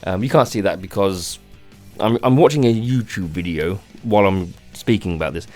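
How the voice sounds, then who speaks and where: A tired man rants off the cuff in a lowish voice, circling back on himself with stammered restarts and frequent swearing. His talk wanders like an unplanned gaming vlog, with faint music in the background. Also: a little mellow. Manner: rambling and halting, many restarts, swearing. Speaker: gaming channel host. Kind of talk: unscripted rant vlog.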